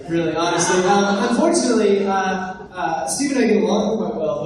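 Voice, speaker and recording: A young man at a live roast, telling a rambling story with hesitant fillers. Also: on the high side. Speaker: roast speaker. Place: large echoey room at a live event. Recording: echoey room, far mic, faint noise.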